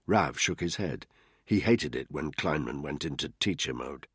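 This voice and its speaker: A man narrating a thriller audiobook in a steady, even storytelling manner with a husky voice. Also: rumbling low, moderate pace, no echo, clean studio sound.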